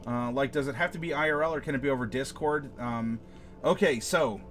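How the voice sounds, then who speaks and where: A man's voice: medium pitch, a little fast, fairly bright tone, faint music behind. A man hosting a live stream from his home desk, chatting casually with viewers and answering the chat aloud in a rambling way. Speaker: streamer host.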